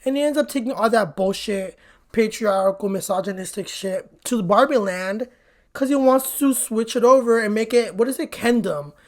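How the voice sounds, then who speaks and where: A woman's voice: a little high, normal speed, darkish tone. A woman vlogger giving a casual movie recap in a chatty, blunt way, swearing freely and peppering her talk with "like". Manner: chatty and blunt, swears often, says "like" a lot.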